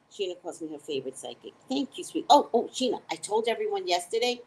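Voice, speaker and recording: A U.S. woman talks fairly quickly in a rough recording with a little hiss or hum. As a psychic hosting a live morning show of her own, she chats casually on the stream, wandering off topic, swearing and mocking herself. Her energy is animated, with swings into high, excited tones.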